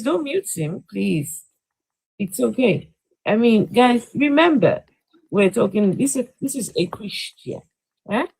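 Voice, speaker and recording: A woman's voice: mid-range voice, darkish tone, husky, rough recording. A woman with a Nigerian accent hosting a live call-in debate, pressing her question again and again. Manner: insistent, repeats her question.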